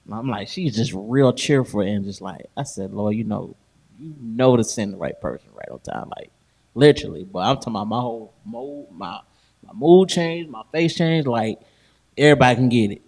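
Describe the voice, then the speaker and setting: A man's voice: mid-range voice, sing-song, normal speed, creaky, darkish tone. A man co-hosting a podcast, telling stories in casual chat with slang, laughing often and acting out what people said. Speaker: podcast host.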